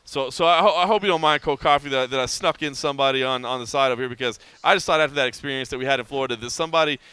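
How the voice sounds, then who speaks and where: A podcast host with a smooth, mid-range voice races along as he chats and tells stories in a casual way, recorded with no room sound. He's an animated storyteller who often acts out quotes in a raised voice.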